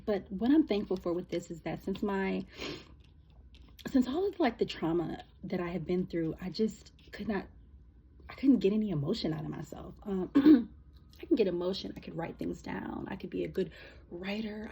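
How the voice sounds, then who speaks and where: A woman giving a casual spiritual reading, rambling and emotional, with many halting fillers. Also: mid-range voice, vocal fry, mellow, breathy edge. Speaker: spiritual reader.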